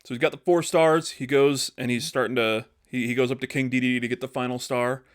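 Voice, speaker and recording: A man with a mid-range voice, telling a story in a lively, animated way in casual podcast chat. He throws himself into the pitch and drops into quick character voices. The delivery is loose, joking and conversational. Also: smooth. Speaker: podcast co-host.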